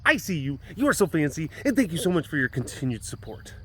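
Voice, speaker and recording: A man with a high-leaning voice, big pitch swings, and a quick pace hosts a laid-back, rambling walk-and-talk vlog at an outdoor big cat rescue compound, cooing at the big cats.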